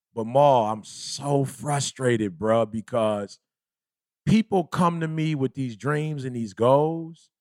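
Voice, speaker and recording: A man's voice: medium pitch, no echo, clean studio sound. A man hosting a casual podcast as a life coach, talking emphatically and preachily, repeating himself and calling his friends "bruh".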